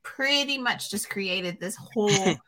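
A woman's voice: medium pitch, animated, slow, bright, forceful tone. A woman hosting a podcast interview, rambling and reflective as she tells her stories. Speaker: podcast host. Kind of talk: casual interview chat.

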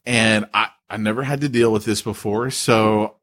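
A man co-hosting a podcast in casual chat, emphatic and animated, often saying "dude". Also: lowish voice, normal speed. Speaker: podcast co-host.

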